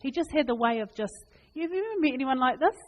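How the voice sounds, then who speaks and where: A woman preaching a sermon, telling funny family stories with laughs and lively asides. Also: high voice, fast. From New Zealand. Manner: animated, laughing, chatty anecdotes. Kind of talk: humorous storytelling sermon. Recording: long reverb in a hall.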